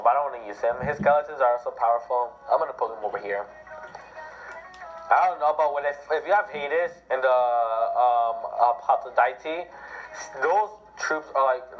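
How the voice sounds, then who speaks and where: Teen boy, sick, excitable rambling game commentary, muffled sound, faint game music. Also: medium pitch. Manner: rambling, excitable, self-deprecating. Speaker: mobile game player. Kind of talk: casual gameplay commentary. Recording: dull lo-fi audio with faint music.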